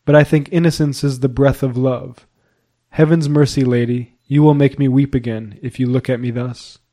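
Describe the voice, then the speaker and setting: A man's voice: mid-range voice, steady tone, moderate pace, dark tone, natural voice. A man voicing a melancholy young foreign page who pleads in a sorrowful, half-choked way. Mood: imploring.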